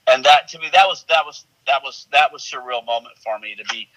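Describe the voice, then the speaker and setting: A man, an actor guest, telling animated, rambling stories in casual chat with frequent restarts. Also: mid-range voice, fast, low-quality recording.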